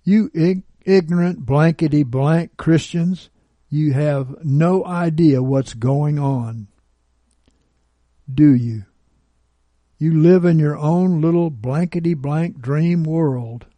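A man's voice: medium pitch, animated, slow, dark tone, no echo. A man putting on a scornful bitter witch woman. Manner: contemptuous, arrogant, snapping.

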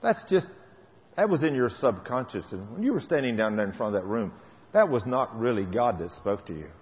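A man's voice: mid-range voice, sing-song, fairly quick, in a large hall, lo-fi sound, natural voice. A man voicing the enemy as a scornful, authoritative spirit that speaks dismissively.

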